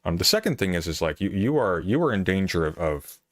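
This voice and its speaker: A man talking calmly and firmly, measured and lecturing as he steers a call. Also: low-pitched, no room sound, studio quality. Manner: calm, measured, firm and lecturing. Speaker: interviewer.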